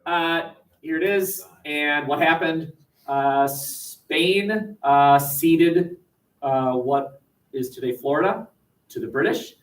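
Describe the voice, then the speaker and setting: A male history teacher giving a classroom lecture, animated and jokey, with many restarts and fillers. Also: a little high, slow, recorded from a distance, low-quality recording.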